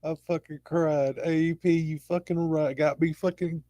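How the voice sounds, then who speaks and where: Brief: male show host, giggly and excitable, swears freely, dry close sound. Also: a little high, normal speed, no echo. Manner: laughing, profane and excitable. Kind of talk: casual chat.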